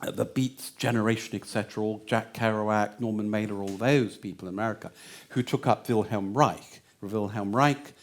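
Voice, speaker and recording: A man's voice: on the low side, fairly even intonation, normal speed. A man giving a lecture answer, meandering with many fillers and restarts.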